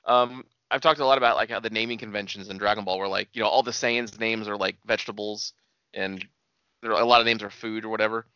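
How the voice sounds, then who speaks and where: A man's voice: on the low side, steady tone, fast, bright, forceful tone, smooth, no room sound, highs cut off. A man chatting casually as a co-host, laughing often and swearing freely as he retells scenes. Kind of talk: casual chat.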